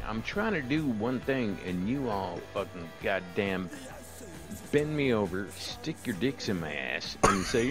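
A man's voice: lowish voice, big pitch swings, measured pace, music in the background. A man griping and swearing nonstop while playing an online game with friends. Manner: foul-mouthed, ranting and griping. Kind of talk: profane casual game chat.

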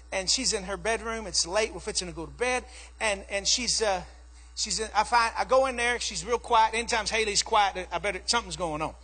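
A man preaching a sermon as pastor, telling a family story and rising to shouts. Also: very high voice. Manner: animated preaching, acting out his daughter's voice, rising to shouts.

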